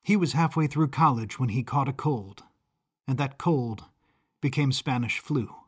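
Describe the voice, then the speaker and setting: A man's voice: mid-range voice, a little slow, breathy edge. A man narrating an audio drama in the first person, brooding and confessional.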